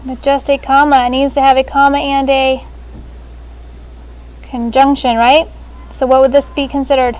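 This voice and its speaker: A woman teaching sixth grade language in a classroom, speaking through a face shield and calling on students by name in a brisk manner. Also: high-pitched, little pitch movement, a little mellow, poor audio.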